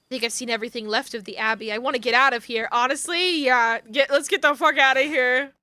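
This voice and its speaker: Young woman streamer, high and bright, excitable and foul-mouthed, gasps a lot. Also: moderate pace. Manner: excitable, swears freely, gasps and shrieks. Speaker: game streamer. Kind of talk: live gameplay commentary, reading game text aloud.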